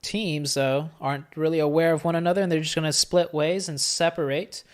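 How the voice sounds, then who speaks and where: An esports caster doing solo play-by-play commentary from a home streaming setup, chatting offhandedly in lulls and bursting into excited calls during fights. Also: medium pitch, brisk. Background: faint game gunfire.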